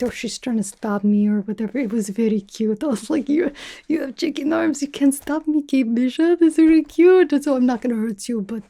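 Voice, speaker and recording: A young woman voicing a brash, teasing female spy who interviews a recruit, in whispered role-play with a soft, half-whispered, rambling way of talking. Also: on the high side, lightly acted. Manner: teasing, chatty, self-absorbed, drops articles. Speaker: ASMR creator.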